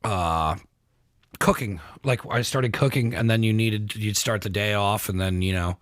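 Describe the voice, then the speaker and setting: A man's voice: fairly low pitch, measured pace, no room sound, studio quality. A man hosting a podcast, chatting casually and acting out quoted lines as he tells stories. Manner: laid-back storyteller, acts out quoted lines. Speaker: podcast host. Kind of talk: casual chat.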